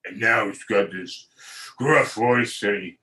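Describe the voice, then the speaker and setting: A man's voice: fairly low pitch, slow pace, bright, forceful tone. A man co-hosting a casual chat, telling stories with crude jokes and repeated words.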